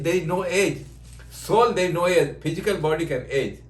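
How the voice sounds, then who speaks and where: A man's voice: a little high, moderate pace, roomy sound. An older man, a yoga teacher, giving a spiritual talk in short, repeated phrases of broken English, often laughing. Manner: non-native English with broken grammar. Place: ashram.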